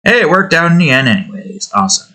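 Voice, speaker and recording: A man's voice: a little high, big pitch swings, fast talker, bright, forceful tone. An American man giving casual, rambling commentary while building a game, joking, swearing and talking to the objects on his screen. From United States. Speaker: hobby game developer.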